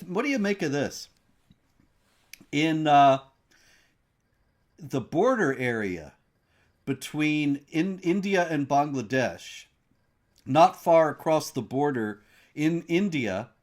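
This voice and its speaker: A man hosting a news commentary discussion, laying out stories in a measured, reporting style with fillers. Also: fairly high pitch, expressive. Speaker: host.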